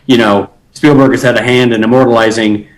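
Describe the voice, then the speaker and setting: A man's voice: medium pitch, steady tone, brisk, poor audio. A man from Nashville, Tennessee, guest on an interview, talking in an easygoing, chatty way with many fillers. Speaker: actor guest. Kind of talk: casual interview.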